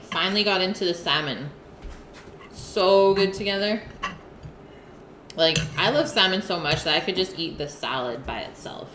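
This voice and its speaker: In a roomy home kitchen full of audible background noise, a woman running a cooking live stream eats and talks easily with her chat. She pauses between mouthfuls to read out messages, her somewhat low voice animated and fairly bright.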